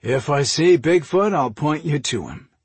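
A man voicing a wary, sarcastic fisherman with a dry, husky delivery. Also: on the high side, lively intonation, unhurried, a little mellow, no echo, voice pushed up, exaggerated voice. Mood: joking.

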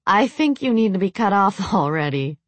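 A woman's voice: medium pitch, sing-song, moderate pace, dry recording, voice pushed up. A woman reading a sassy young party guest in a perky, teasing voice.

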